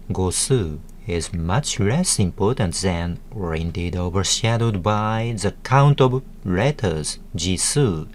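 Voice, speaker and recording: A man giving a scripted tutorial narration, deliberately sounding out words one syllable at a time. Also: lowish voice, darkish tone, a little hiss or hum.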